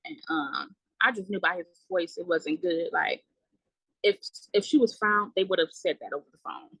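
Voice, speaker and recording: A young woman telling a painful personal story in a halting way, with many fillers and trailing words. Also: on the low side, creaky, a bit bright, husky, no echo, poor audio. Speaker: guest. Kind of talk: emotional personal account.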